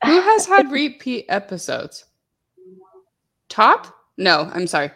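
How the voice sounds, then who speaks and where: A woman's voice: on the high side, huge pitch swings, takes it slowly, a bit bright. A woman co-hosting a casual podcast, dropping wry asides. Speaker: podcast co-host. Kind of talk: casual chat about a TV series.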